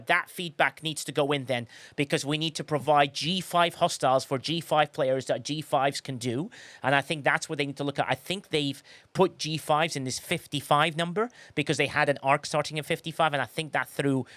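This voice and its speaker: A man hosting a podcast on a group call, chatting in a rambling, excitable way with many restarts. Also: mid-range voice, dry recording. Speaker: podcast host. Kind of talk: casual chat on a group call. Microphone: remote call mic.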